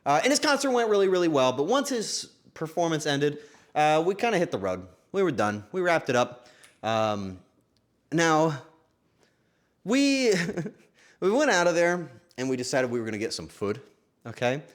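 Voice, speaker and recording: A young man streaming, chatting casually and emotionally, swearing often and swinging from loud bursts to hushed asides. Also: fairly high pitch, sing-song, normal speed.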